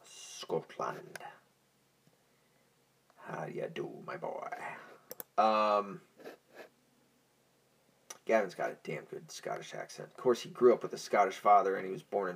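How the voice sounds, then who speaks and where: A man's voice: low voice, vocal fry, breathy edge. A young man hosting a podcast in a casual, profane, rambling monologue, stoned and easily distracted. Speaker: podcast host.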